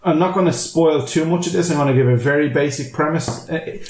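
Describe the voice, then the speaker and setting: A man's voice: a little high, a little fast, a little mellow, roomy sound. A man co-hosting a casual movie podcast, telling a long film plot in a rambling way and swearing freely. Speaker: podcast co-host.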